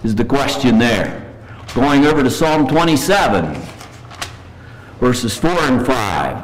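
A man preaching a morning sermon, reading scripture slowly and earnestly and pleading with his listeners. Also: medium pitch, very animated, a crowd in the background, low-quality recording. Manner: reads verses slowly and earnestly, pleads with rising intensity.

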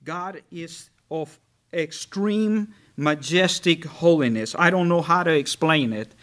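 A man preaching a sermon, reading scripture slowly and earnestly and rising in pitch and volume when he stresses a point. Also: fairly bright tone. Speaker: pastor.

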